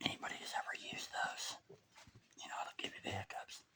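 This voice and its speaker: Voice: brisk, bright, forceful tone. An urban explorer whispering a rambling walk-through narration inside a large abandoned mill. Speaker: urban explorer and video host.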